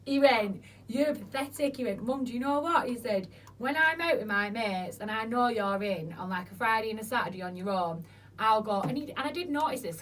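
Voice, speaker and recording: A woman guest telling frank stories, swearing freely and acting out what people said. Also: medium pitch. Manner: chatty, swears freely, acts out quotes. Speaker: interview guest. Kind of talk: frank casual chat. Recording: distant mic with faint noise.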